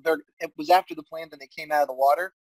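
A man co-hosting a podcast, chatting in a relaxed, rambling way and tripping over his words. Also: a little high, very fast, no room sound, low-quality recording. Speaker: podcast co-host. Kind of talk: casual chat reviewing a film.

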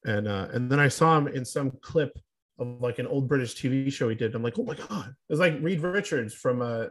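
A man's voice: medium pitch, brisk. A young man co-hosting a podcast in casual chat, rambling and loose. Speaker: podcast co-host.

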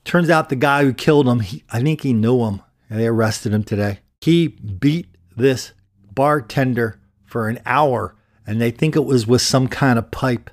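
A man's voice: medium pitch, moderate pace. Podcast host, male, mid-range, sardonic storyteller. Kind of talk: casual commentary.

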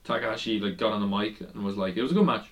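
A man's voice: fairly low pitch, lively intonation, rapid-fire. Rambling young man on a wrestling podcast. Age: young adult. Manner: rambling, laughs often, restarts a lot. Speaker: podcast co-host. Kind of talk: casual wrestling podcast chat.

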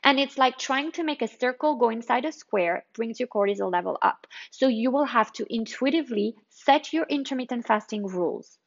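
A woman's voice: on the high side, lively intonation, normal speed, creaky, hardly any pauses, lo-fi sound. Chatty woman hosting a health podcast. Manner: chatty, digressive, restates points. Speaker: podcast host. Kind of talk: casual health talk monologue.

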